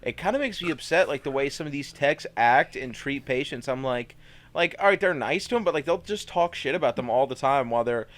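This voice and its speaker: A young man co-hosting a casual podcast, telling an animated story full of "like" fillers and swearing. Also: mid-range voice, brisk. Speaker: podcast co-host. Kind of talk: casual chat.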